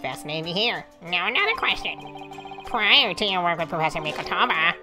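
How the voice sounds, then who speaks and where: A woman voicing a stern, haughty male prosecutor in a courtroom game, reading with a slow, formal, accusing delivery. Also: fairly low pitch, big pitch swings, over music.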